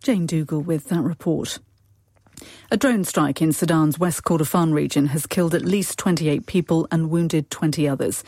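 A newsreader delivering a scripted radio news bulletin in a measured, formal way. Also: mid-range voice, darkish tone, dry recording, clean studio sound.

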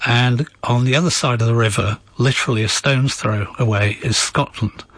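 A man, an author guest on a radio interview, explaining history in a measured, storytelling way. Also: medium pitch, fairly even intonation, a bit bright, no room sound. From England.

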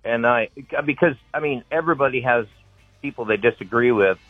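A man co-hosting a casual chat show, easygoing and quick to laugh, with a gravelly voice. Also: mid-range voice, no room sound, phone-quality sound, soft background music. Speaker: co-host.

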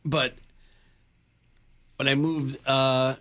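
A man's voice: medium pitch, flat delivery, very slow, a bit bright. A middle-aged man from the Chicago area, co-hosting a casual chat and telling rambling, self-deprecating anecdotes. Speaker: co-host.

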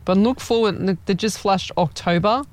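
Chatty, higher-voiced male psychic. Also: moderate pace. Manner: chatty, rambling, self-mocking with frequent laughs; warm familiar address. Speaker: psychic medium. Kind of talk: live psychic reading to viewers.

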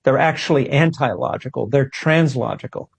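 A man as a talk-show guest, telling a personal story in an animated way and often repeating words as he goes. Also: medium pitch, normal speed, gravelly, breathy edge. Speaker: guest scientist.

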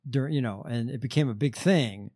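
A man co-hosting a podcast, telling stories in a relaxed, sarcastic way with lots of fillers. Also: medium pitch, moderate pace, breathy edge. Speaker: podcast co-host. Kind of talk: casual chat.

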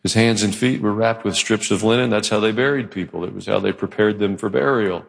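A male pastor preaching a sermon in a church, telling the story with animated delivery. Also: lowish voice, a little fast, gravelly. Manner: animated storytelling, acting out quoted voices. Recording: long hall reverb.

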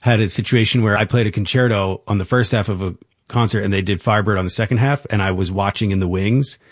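A man's voice: fairly low pitch, quick pace, no room sound, studio quality. A man hosting a music interview, enthusiastic and encouraging with his guest. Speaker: interview host.

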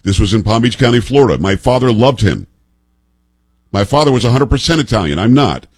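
A man in his fifties delivers opinionated political commentary with a husky voice that swings widely in pitch. He sounds emphatic and sarcastic and leans on rhetorical questions. The sound is dry and close. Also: lively intonation, a little fast, no echo. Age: 50s.

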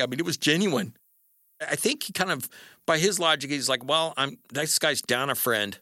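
A middle-aged man telling a personal story in a wry, conversational way, with fillers and pauses. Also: fairly high pitch, sharp tone, no echo, clean studio sound.

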